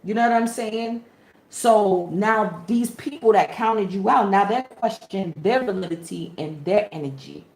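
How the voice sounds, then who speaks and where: A woman spiritual reader in casual chat to camera, animated and slangy, with preachy asides. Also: medium pitch, measured pace. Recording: echoey room.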